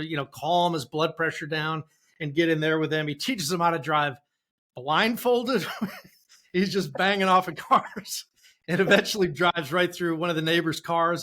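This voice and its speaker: Male co-host, sharp bright tone, runs the segments. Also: on the high side. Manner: leads the talk, passes to guests. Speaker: podcast co-host. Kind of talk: casual movie chat.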